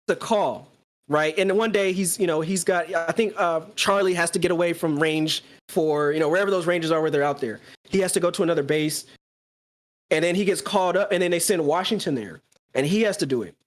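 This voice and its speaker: A podcast co-host talking casually, excitedly retelling a story and acting out the quoted lines. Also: male voice, fairly high pitch. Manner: excited, acts out quoted dialogue.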